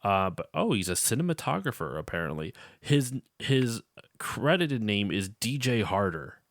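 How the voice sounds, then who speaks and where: A man's voice: on the low side, sing-song, moderate pace, dry recording, clean studio sound. A man talking casually about a film on a podcast, rambling and correcting himself as he goes. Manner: rambling, self-correcting, laughs easily. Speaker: podcast co-host.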